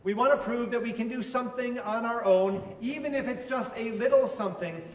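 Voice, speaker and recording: A man's voice: extremely high pitch, brisk, a little hiss or hum. A man preaching a sermon in a conversational way, asking his listeners questions. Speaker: pastor. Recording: echoey hall, mic from far off.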